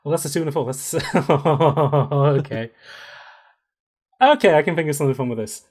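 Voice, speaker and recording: A man's voice: a little high, sing-song, racing. A man narrating as game master of a tabletop role-playing game, playful and laughing often.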